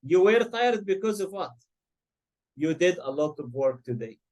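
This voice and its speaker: Arabic-accented male teacher, slightly high voice. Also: big pitch swings, moderate pace, a little mellow. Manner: switches between English and Arabic, asks students questions. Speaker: English teacher. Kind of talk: online class teaching.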